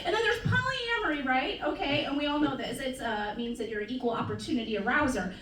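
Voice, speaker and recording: A woman performing a stand-up comedy set on a club stage, animated and laughing often at her own jokes. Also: high voice, fast, very noisy. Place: comedy club stage before a live audience. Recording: echoey room, crowd laughter, distant mic. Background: audience laughing.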